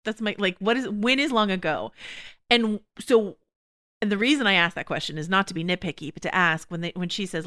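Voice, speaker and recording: Chatty woman with a bright, clear voice. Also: mid-range voice. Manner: quick, chatty, full of "you know" and laughs. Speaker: podcast host. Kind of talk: casual TV discussion chat.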